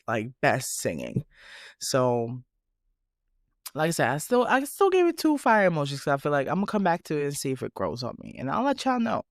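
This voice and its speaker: A man hosting a podcast, giving a casual, animated and profane review of new music. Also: mid-range voice, smooth, no echo, studio quality. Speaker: podcast host.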